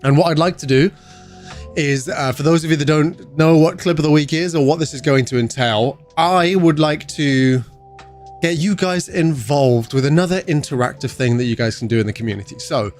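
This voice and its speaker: A young British man with a slightly high voice, upbeat and chatty as he hosts a livestream from his bedroom. He greets viewers one by one in a relaxed, joking tone, with soft music playing faintly behind him. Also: normal speed. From United Kingdom. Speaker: streamer. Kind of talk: casual livestream chat. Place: bedroom streaming setup.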